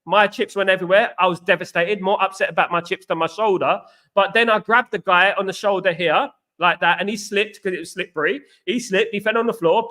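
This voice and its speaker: A man from East hosts a fan stream, talking in an animated, rambling way. He is middle-aged, and his voice sits high and sounds bright. He tells stories and answers comments with lots of repetition. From East London, England. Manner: animated, repetitive, chatty storyteller. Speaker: fan channel host. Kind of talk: live-stream fan chat reading comments.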